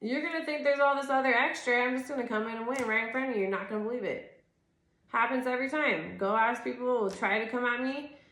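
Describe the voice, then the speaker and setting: A fast-talking woman in her thirties with a highish, fairly bright voice gives a casual tarot reading in an echoey room, with a bit of hiss or hum in the audio. She rambles and rants in exasperation, swearing frequently and peppering everything with "like."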